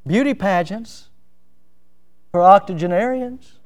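A man's voice: high voice, normal speed, a little mellow, smooth. A middle-aged man preaching a sermon as pastor, with rising emphatic outbursts and self-deprecating humor.

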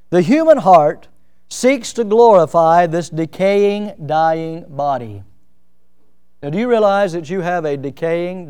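High-voiced, smooth-toned preaching man. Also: a little mellow. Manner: preaching with rising, emphatic outbursts; self-deprecating humor. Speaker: pastor. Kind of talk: sermon.

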